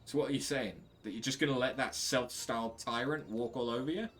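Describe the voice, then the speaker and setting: A man's voice: mid-range voice, a little fast, fairly bright tone, close to an everyday voice. A man voicing a brash, tough woman adventurer, reading game dialogue aloud in a blunt, scornful, slangy way.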